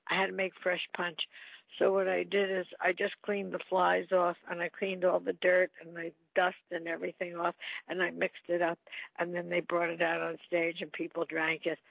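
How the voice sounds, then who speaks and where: A woman's voice: on the low side, gravelly, no echo. An older woman, an actress, telling playful anecdotes in an interview. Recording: phone-like line, dry.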